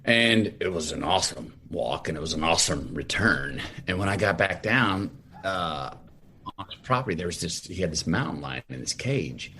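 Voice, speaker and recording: A middle-aged man, a podcast guest, telling a long story with lively, drawn-out delivery. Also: low voice, vocal fry, a little hiss or hum. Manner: lively, drawn-out storyteller who acts out scenes. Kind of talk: animated storytelling in a podcast chat.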